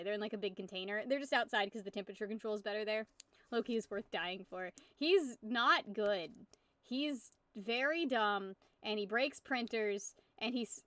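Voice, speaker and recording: A woman's voice: fairly high pitch, fairly bright tone, dry recording. A young woman in her twenties streaming, chatting casually with viewers in a rambling, giggly way and swearing freely. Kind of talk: casual live-stream chat.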